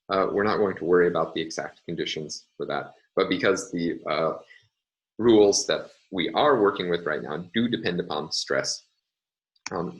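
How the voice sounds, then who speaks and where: Low-voiced man giving a hesitant lecture. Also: fairly bright tone, rough recording. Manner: hesitant, many fillers, deliberate explaining. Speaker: linguistics lecturer. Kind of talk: recorded lecture with worked examples.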